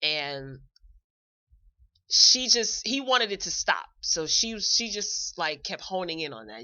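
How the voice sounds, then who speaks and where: A woman's voice: on the low side, very animated, slow, bright, forceful tone, lo-fi sound. A woman hosting a show, giving a chatty, opinionated recap in a casual, blunt way. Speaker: show host reviewing a celebrity video.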